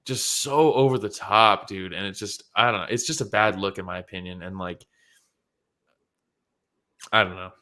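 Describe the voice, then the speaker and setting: Co-host, male, low-ish and bright-toned, blunt, swears a lot. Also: steady tone, normal speed, pauses often. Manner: blunt, salty, swears freely. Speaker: podcast co-host. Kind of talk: casual chat.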